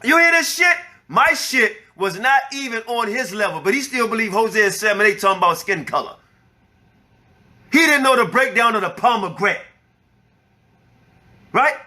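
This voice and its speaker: A man's voice: high voice, lively intonation, moderate pace, long pauses, bright, forceful tone. A man, an elder of a religious group, angrily reacting to a clip with profane, preaching rebuttals. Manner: angry, profane, preaching, repeats the clip's words to rebut them. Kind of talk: heated reaction commentary.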